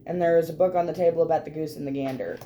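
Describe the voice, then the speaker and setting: A woman co-hosting a podcast, animatedly recapping a tabletop game, laughing often and swearing casually, her voice a little hoarse from laughter. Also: low-pitched, steady tone, rapid-fire, warm tone, slight background noise.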